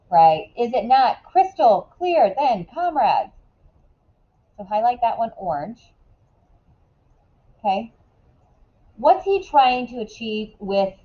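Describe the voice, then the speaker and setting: A woman teaching a classroom lesson in a casual way, asking quick questions and often checking in with "right?". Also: fairly high pitch, muffled recording.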